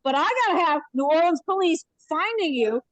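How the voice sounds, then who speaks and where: A woman in her fifties telling an animated comic story in a live virtual stand-up set over a video call. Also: very high-pitched, fairly quick, dry recording, low-quality recording. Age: 50s. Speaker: stand-up comedian. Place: hotel room. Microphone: laptop webcam on a video call.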